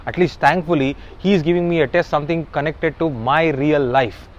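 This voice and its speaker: A man's voice: on the high side, brisk, highs cut off, close to an everyday voice. A man doing a nervous young suitor. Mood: hesitant. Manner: hesitant, talking to himself.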